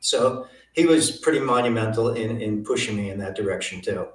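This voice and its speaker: Animated male guest storyteller, echoey room. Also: lowish voice, brisk, far from the mic. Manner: animated storyteller acting out quoted dialogue. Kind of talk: storytelling interview.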